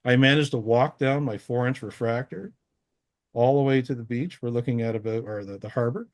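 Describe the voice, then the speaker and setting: A man's voice: mid-range voice, steady tone, brisk, no echo, studio quality. A man giving a casual, rambling talk over a slideshow of photos, with frequent restarts. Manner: rambling, many restarts, easygoing. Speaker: guest astronomer.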